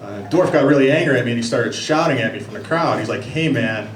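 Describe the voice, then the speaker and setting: A man performing a stand-up comedy set with a dry, offhand delivery and pauses for punchlines. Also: medium pitch, expressive, background noise. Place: comedy club stage. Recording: echoey club recording from a distance. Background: loud audience laughter.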